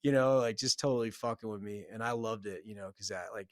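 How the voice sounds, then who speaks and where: A man with a fairly low voice delivers a blunt, heavily profane pep talk as a solo podcast host. His sound is close and completely dry, with no room around it. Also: fast, no room sound. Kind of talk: solo motivational podcast monologue.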